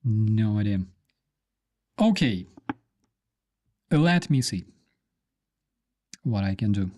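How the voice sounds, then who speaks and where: A man's voice: on the low side, big pitch swings, drawn-out words, mellow. A man hosting a live stream, rambling casually with many fillers and restarts.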